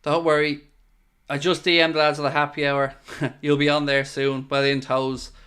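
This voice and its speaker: A man hosting a live football watchalong stream, chatting casually, answering viewer messages and bursting out loud when goals go in. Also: fairly high pitch, moderate pace, smooth. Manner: excitable, swings between chatty asides and loud bursts at goals. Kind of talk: live casual commentary and chat.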